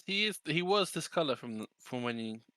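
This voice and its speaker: A man's voice: fairly high pitch, very animated, bright, forceful tone, no echo, clean studio sound. A man narrating as dungeon master of a tabletop game, hesitant and full of restarts. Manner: halting, many restarts and fillers.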